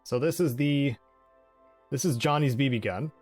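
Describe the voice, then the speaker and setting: A man's voice: mid-range voice, moderate pace, darkish tone, soft background music. A man giving casual game commentary, chatty and giggly, often restarting his sentences. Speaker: let's play host.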